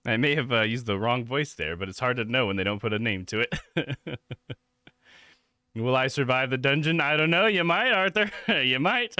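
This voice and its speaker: A man's voice: medium pitch, normal speed, bright, forceful tone, smooth, no echo. A man playing a game live, chatting casually and chuckling between remarks to his chat.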